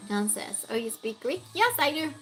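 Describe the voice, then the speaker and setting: A woman's voice: fairly high pitch, sing-song, moderate pace, a bit bright, faint music behind, low-quality recording. A woman hosting a trivia game on a live stream, chatting casually and reading out and answering viewers' messages. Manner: chatty, reads chat aloud and answers viewers.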